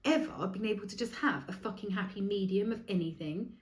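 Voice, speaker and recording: A woman's voice: medium pitch, a little fast, roomy sound. A woman in her forties hosting her own podcast, talking in a rambling, frank way with plenty of swearing. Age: 40s. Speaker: podcast host. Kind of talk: candid solo podcast monologue.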